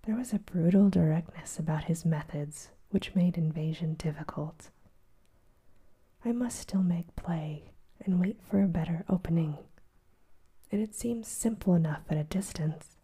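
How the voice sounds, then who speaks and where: A woman narrating a classic novel as whispered role-play, soft and measured. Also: deep voice, fairly even intonation, husky.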